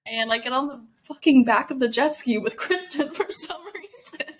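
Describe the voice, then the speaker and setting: A woman's voice: high-pitched, animated, moderate pace, a bit bright, slight background noise, low-quality recording. A woman in her twenties co-hosting a podcast, telling stories in casual chat, laughing and swearing as she goes. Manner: chatty storyteller, laughing and swearing. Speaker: podcast co-host.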